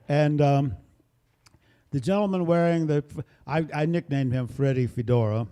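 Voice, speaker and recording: An older bandleader introduces his musicians at a small venue, speaking into a microphone with rambling, joking stage banter for a live audience. His voice is a little high, mellow, and smooth, at a moderate pace.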